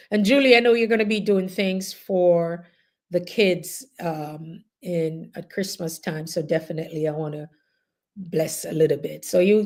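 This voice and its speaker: Jamaican woman, middle-aged, low voice, chatty and animated, casual talk. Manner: animated, laughing, chatty storytelling. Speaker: host. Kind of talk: casual group chat.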